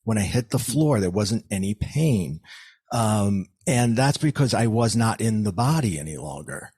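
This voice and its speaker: A man with a fairly low voice tells a personal story as a podcast guest. He speaks earnestly and often restarts his sentences, filling pauses with "um" and repeated words. The sound is dry and close, with no room echo. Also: animated, darkish tone, breathy edge. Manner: earnest, many restarts and fillers.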